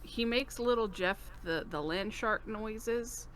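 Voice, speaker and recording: A woman's voice: a little high, slow pace, fairly bright tone, rough recording. A woman playing a tabletop game, describing her moves with amused laughs. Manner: amused, laughs between words. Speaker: player. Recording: clear background noise.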